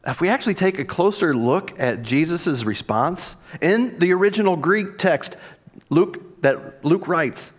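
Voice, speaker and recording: A man's voice: a little high, sing-song, unhurried. A man, a pastor, delivering a reflective sermon and voicing quoted dialogue expressively.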